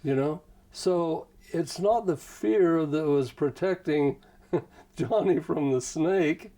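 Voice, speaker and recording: A man's voice: a little high, takes it slowly, warm tone. A man being interviewed, who talks in a folksy, rambling way and leans often on "you know" while he tells stories. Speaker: interview guest. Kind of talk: casual conversational storytelling.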